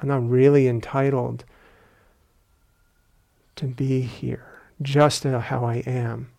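A man with a gravelly, fry-edged voice gives a dharma talk at a meditation retreat center. He speaks in a reflective, unhurried way with gentle humor and a middle-pitched tone. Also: little pitch movement. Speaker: meditation teacher.

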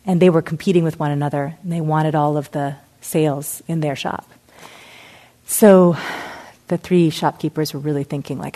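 Middle-aged woman, low voice, reflective mindfulness teacher explaining gently. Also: fairly even intonation, moderate pace. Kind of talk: teaching talk with a parable.

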